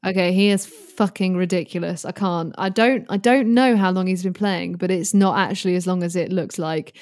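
A woman in her twenties, a guest musician chatting casually on a podcast, animated and swearing freely with plenty of fillers. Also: on the low side, normal speed, dry recording. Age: 20s.

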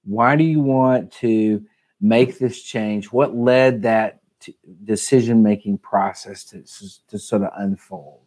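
A man with a fairly low voice, a guest on an advice podcast. He talks casually and explains things step by step, restating his points in other words as he goes. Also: takes it slowly, darkish tone. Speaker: guest admissions advisor.

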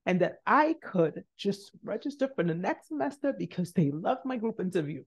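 A woman hosting a podcast, telling a motivational personal story and acting out the voices in it, jumping high for quotes and dropping to a hush for asides. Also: normal speed, hardly any pauses, slightly rough. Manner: animated, acts out quotes with big pitch jumps and hushed asides. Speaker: podcast host.

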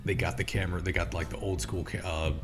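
A man's voice: low-pitched, quick pace, music in the background. A man casually chatting about a movie as a podcast co-host, swearing freely and retelling scenes with animation. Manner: profane, animated storytelling. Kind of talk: casual movie review chat.

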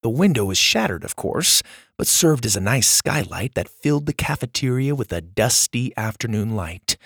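Gravelly-voiced man reading a story. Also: medium pitch, very animated, moderate pace, a bit bright, no echo, studio quality. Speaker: narrator. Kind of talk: audiobook narration.

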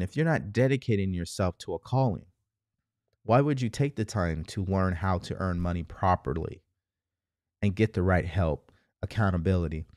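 A man's voice: medium pitch, a little mellow, no echo, clean studio sound. A man giving an emphatic motivational talk, full of rhetorical questions and repeated phrases. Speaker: motivational speaker. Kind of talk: motivational monologue.

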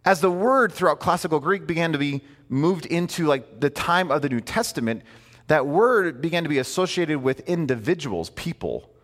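Animated man preaching in an echoing hall. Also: on the high side, normal speed. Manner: conversational and animated, with asides and rhetorical questions. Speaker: pastor. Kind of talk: sermon.

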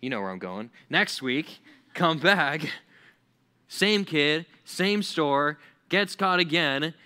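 A man preaches with a bright, forward voice that sits a little high. He talks in a loose, conversational way, full of "like," and acts out little scenes. The delivery is lively and animated. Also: slow pace, clear, resonant tone. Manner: frequent "like" fillers. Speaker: pastor. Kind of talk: sermon.

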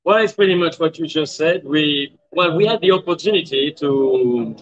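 A man's voice: fairly high pitch, normal speed, highs cut off. A man who co-owns a bar, a guest answering questions in a casual interview, hesitant and searching for words. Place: outdoor bar.

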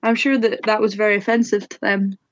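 A woman chatting casually, making quick apologetic asides. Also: medium pitch, flat delivery, dry recording, dull audio. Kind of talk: casual chat.

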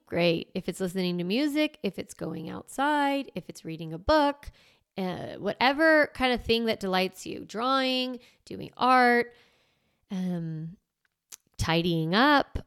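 Smooth-voiced woman giving lively parenting advice. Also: medium pitch. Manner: animated, acts out little dialogues, laughs often. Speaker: parenting podcast host. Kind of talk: casual advice talk.

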